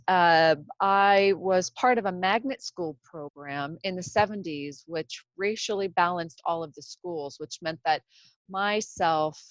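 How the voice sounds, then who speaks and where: A woman's voice: deep voice, no room sound, lo-fi sound. A woman in her fifties from Seattle, hosting a casual podcast monologue from her home closet in a chatty, rambling, self-deprecating way. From Seattle, USA. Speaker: podcast host.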